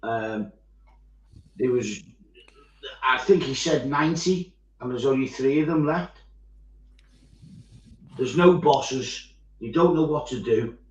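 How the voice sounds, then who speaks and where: A man's voice: medium pitch, slow, long pauses. Chatty man telling stories, echoey room. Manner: animated storytelling, swears freely, acts out quoted voices. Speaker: miniature painting streamer. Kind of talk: casual chat. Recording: echoey, dull-sounding room.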